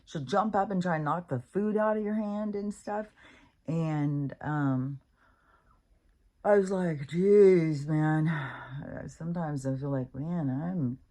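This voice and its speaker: A woman's voice: deep voice, darkish tone. A middle-aged American woman talking at home in a meandering, casual way, with many fillers and restarts. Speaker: vlogger. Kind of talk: casual rambling monologue. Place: at home, with her dog nearby.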